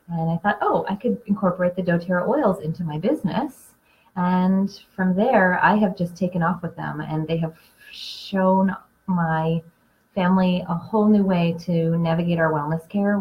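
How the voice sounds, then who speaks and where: A woman hosting a casual live class, a chatty storyteller who gets animated telling anecdotes. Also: on the low side, dull audio. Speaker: essential oils class host and Reiki practitioner.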